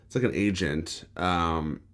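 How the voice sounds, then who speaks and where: A man co-hosting a film podcast, talking casually in a halting way, full of fillers and restarts. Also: deep voice, fairly bright tone. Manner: halting, self-correcting, filler-heavy. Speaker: podcast co-host.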